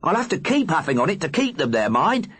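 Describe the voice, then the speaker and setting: A jumpy teenage boy blurts everything out in a high, eager rush, as a male narrator voices him. The tone stays husky and bouncy throughout this audiobook reading. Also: full character voice. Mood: excited. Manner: excited, hurried. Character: excitable teenage boy, jittery.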